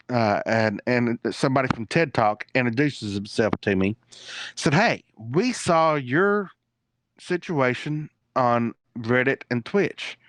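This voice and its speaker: A man's voice: mid-range voice, fairly bright tone, no echo. A man telling a long story in a casual, rambling way, full of fillers and restarts.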